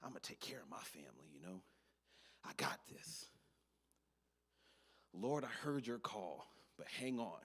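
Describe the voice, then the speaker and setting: A man giving a short, earnest sermon, talking as if to a friend. His voice is low but moves a lot in pitch, and he often drops in a casual "you know". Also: sing-song, a little slow, long pauses, fairly bright tone, breathy edge. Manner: conversational, earnest, fond of filler "you know". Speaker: speaker, preacher.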